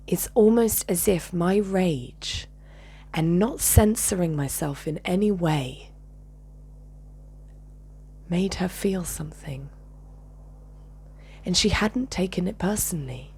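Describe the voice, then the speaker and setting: A woman's voice: on the low side, expressive, takes it slowly, pauses often, husky. A woman telling a personal story to her channel with intensity, swearing and dropping into whispers. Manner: intense, swings between loud and whispered, swears. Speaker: channel host.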